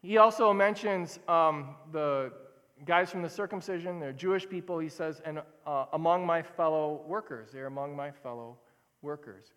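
A man preaching a sermon as a pastor, in a conversational, animated way that often corrects itself. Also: on the high side, moderate pace. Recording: long hall reverb.

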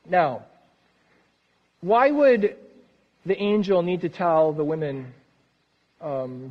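A man preaching a sermon as pastor, earnest and lively, often dropping soft at the ends of phrases. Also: a little high, takes it slowly, long pauses. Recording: reverberant hall, dull sound.

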